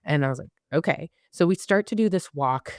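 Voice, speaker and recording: A woman's voice: sits low, a little fast, no room sound. A woman in her twenties, a podcast guest, telling travel stories casually and acting out quoted dialogue. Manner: animated, acts out quoted dialogue. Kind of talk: casual storytelling.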